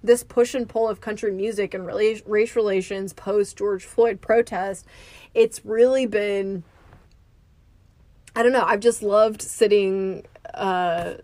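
A woman's voice: mid-range voice, takes it slowly, no echo. A woman, co-hosting a podcast in casual chat and reading a story aloud with gusto. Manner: animated, reads aloud with growing gusto. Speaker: podcast co-host.

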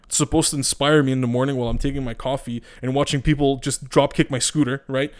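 A man's voice: medium pitch, fairly even intonation, quick pace. A man podcasting into a microphone, ranting in a casual, profane, blunt and rambling way with many restarts.

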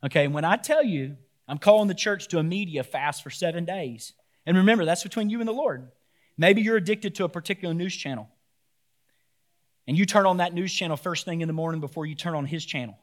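A man with a fairly high voice preaches a sermon at church. He is animated, rising to loud shouts and then dropping low and quiet to stress his points. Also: a little fast. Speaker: pastor.

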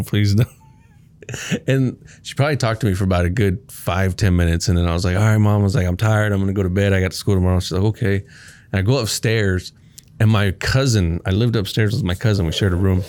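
Casual young guy, low-ish voice, relaxed anecdote telling. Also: a little fast. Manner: laid-back, swears often, laughs while telling. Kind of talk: casual storytelling chat.

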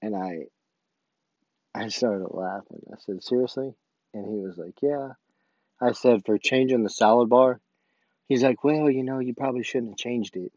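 A man's voice: on the low side, no echo, lo-fi sound. A man, an army sergeant, casually telling a story about his duty station and acting out the dialogue. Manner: animated, acts out quoted dialogue.

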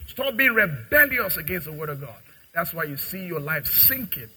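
A middle-aged male pastor preaching a sermon, acting out little dialogues and swinging from quiet to loud. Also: on the high side, sing-song, normal speed, husky, poor audio. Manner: preaching with dramatic acted-out dialogue and big swings in loudness.

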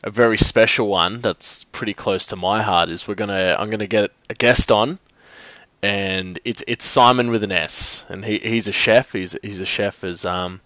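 Male podcast host, low voice, dry close sound, loose rambling chat. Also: steady tone, normal speed, pushed and bright, dry recording. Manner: rambling, many fillers and restarts. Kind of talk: casual chat.

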